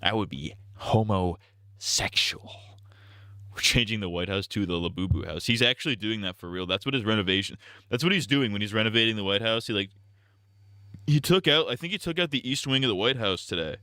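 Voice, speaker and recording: Young male streamer, low and crisp-bright, rambles and jokes with restarts, close dry earbud sound. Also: fast talker, no echo. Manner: rambling, joking, with stammered restarts. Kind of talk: casual live game stream chat.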